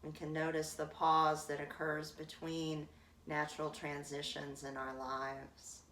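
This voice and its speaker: A woman leading a guided breathing meditation in calm, drawn-out phrases with long pauses. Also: low voice, a little hiss or hum. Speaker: meditation teacher. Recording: roomy echo from a distant mic.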